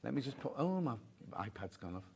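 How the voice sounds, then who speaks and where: A man's voice: mid-range voice, very animated, brisk, creaky, mellow, husky. A man presenting a live sewing shopping show, chatty and reading out viewer comments. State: out of breath. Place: TV studio.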